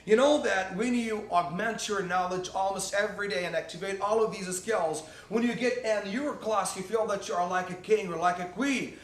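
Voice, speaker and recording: A man's voice: sits high, fairly bright tone, echoey room. A man, a teacher, giving motivational classroom tips to other teachers, emphatic and repeating key words for stress.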